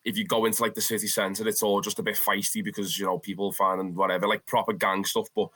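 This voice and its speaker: A young man with a Scouse accent, a football fan telling stories in a casual interview, animated and swearing freely. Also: lowish voice, fast talker. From Liverpool, England. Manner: animated, swears freely, calls the listener "lad".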